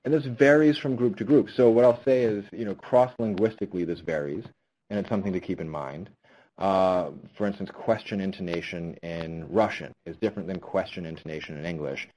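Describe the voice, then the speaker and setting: A man's voice: low-pitched, brisk, a little mellow, poor audio. A man and linguistics researcher giving a conversational webinar talk on public speaking, explaining with frequent ums and restarts. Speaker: speech presenter and linguistics researcher.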